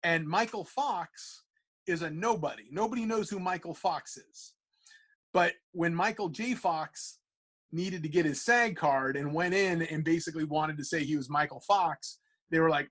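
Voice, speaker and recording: A man, a comic book artist guest, telling stories in casual podcast chat with animated, stammering restarts. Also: on the high side, normal speed, poor audio.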